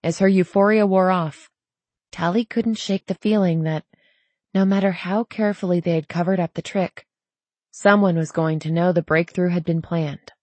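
Woman narrator for a young-adult novel, slightly low voice, dry booth sound, steady delivery. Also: normal speed, no echo. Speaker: audiobook narrator. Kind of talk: scripted narration.

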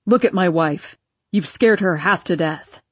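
Lady putting on a low gruff dad, husky, protective, storybook. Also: steady tone, measured pace, dry recording, highs cut off. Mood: furious. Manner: barking, forceful. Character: protective father, gentle then hot-tempered.

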